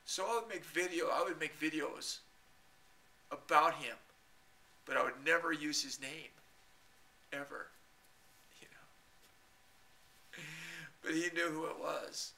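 A man telling a long rambling story to his camera, halting and repeating himself and chuckling often. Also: on the high side, pushed and bright. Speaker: video blogger.

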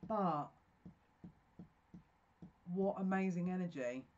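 A woman's voice: on the low side, takes it slowly, darkish tone, muffled recording. Gushing woman reading tarot cards. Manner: effusive and emotional, gushing with restarts. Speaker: tarot card reader. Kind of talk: pick-a-card tarot reading.

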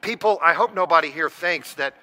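A man with a high, ringing voice preaches in a church sanctuary, his words trailing into a long echo. He speaks earnestly and keeps turning to the congregation with direct questions. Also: brisk, sharp tone. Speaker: pastor. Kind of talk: sermon.

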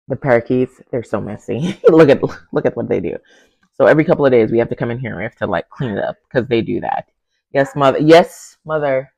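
A man chatting casually through a home garden vlog outdoors, excitable and talkative, often saying "y'all" while filming on a handheld phone. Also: medium pitch, gravelly, no echo. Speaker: garden vlogger.

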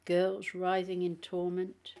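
A woman with a cold reads an audiobook aloud, slowly and deliberately, with a cough now and then. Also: fairly low pitch, monotone, darkish tone. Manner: slow, deliberate reading. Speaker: audiobook narrator. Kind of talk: audiobook reading.

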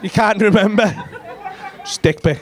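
A male stand-up comedian, doing loud, sweary crowd work with the front row in a comedy club. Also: high-pitched, normal speed. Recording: live club recording with crowd noise. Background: laughing audience.

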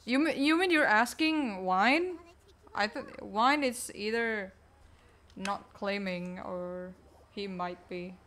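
A woman streaming a game, chatting casually with teammates in a low, weak, energy-saving way. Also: slow, fairly bright tone. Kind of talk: casual live-stream chat while gaming.

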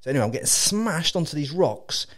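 A man from England with an English accent, hosting a casual chat and telling an animated, laugh-filled story with lots of swearing and restarts. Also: fairly high pitch, fast. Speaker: podcast host.

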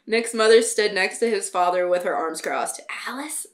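A woman reads her own early novel aloud, pausing to mock it in wry asides. Her voice sits at a middle pitch. She moves easily between narration and casual commentary. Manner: wry, self-mocking asides. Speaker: author reading her old novel.

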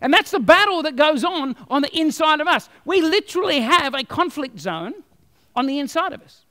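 A male pastor preaching a sermon in a chatty, animated, storytelling way. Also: very high voice, moderate pace, long reverb tail.

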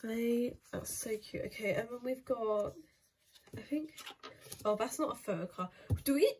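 A young woman hosting her own channel, chatting casually as she unboxes albums, thinking aloud and gasping with excitement over each item. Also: on the high side, unhurried, slight background noise. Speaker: channel host.

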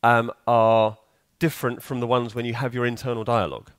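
Man, conference speaker, middle pitch, dry close sound, chatty, asks the audience questions. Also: level tone, brisk, no echo. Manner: conversational, quizzes the audience. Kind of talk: conference talk. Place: conference hall.

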